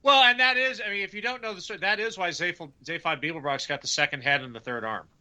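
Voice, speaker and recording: A man with a slightly high voice and a very bright, sharp tone. He chats casually as a podcast co-host, explaining with hesitant restarts. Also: fast talker. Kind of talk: casual chat.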